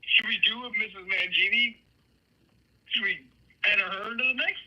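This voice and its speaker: A man's voice: sits high, moderate pace, dull audio. A man co-hosting a casual podcast over the phone, joking and encouraging. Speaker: podcast co-host. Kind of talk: casual chat.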